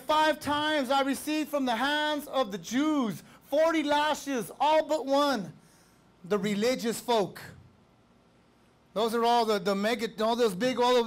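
A man preaching a sermon as pastor, fervent and conversational, building up to shouts. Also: extremely high pitch.

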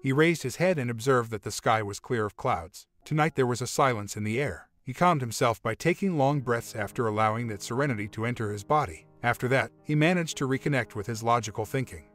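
A man reading a relationship story aloud in an even, measured narration. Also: medium pitch, faint music behind. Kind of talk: scripted narration.

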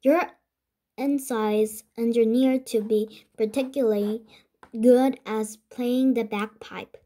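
A woman's voice: on the high side, fairly even intonation, dark tone. A woman reading a bossy little girl inventor. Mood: instructing. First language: Korean. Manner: halting, stumbling read-aloud. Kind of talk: children's book read aloud.

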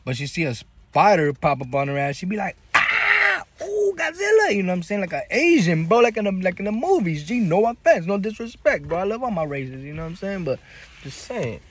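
A man telling a slangy, animated story to his viewers, acting out the voices of the people in it. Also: high-pitched, fairly quick, slight background noise. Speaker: vlogger. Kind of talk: casual storytelling.

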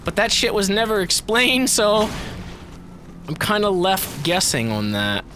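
A man giving profane, excitable let's play commentary, swinging from mutters to shouts and talking to the enemies on screen. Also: high voice, measured pace, over music. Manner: talks to the game and its enemies. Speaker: gamer.

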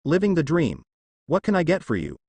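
Guy playing a deadpan tired bartender, dry close mic. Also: on the high side, brisk, breathy edge, no echo, voice pushed up, exaggerated voice. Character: dry, weary male small-town bartender.

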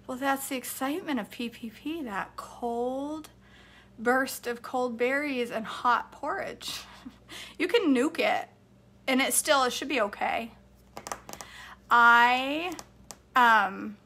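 A chatty woman with a slightly high voice talks casually through a home-kitchen cooking stream. She laughs easily and reads viewers' comments aloud as she goes. A faint hiss of noise sits under the recording. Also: pushed and bright. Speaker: cooking vlog host. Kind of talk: casual live cooking chat.

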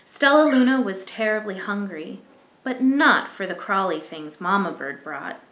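A woman reading a picture book aloud as a library storyteller, gentle and expressive, with asides to young listeners. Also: medium pitch, unhurried, echoey room.

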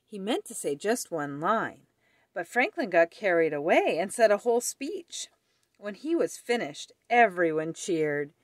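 A woman reading a children's picture book aloud in a slow, expressive storytelling manner. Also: medium pitch, no echo, clean studio sound.

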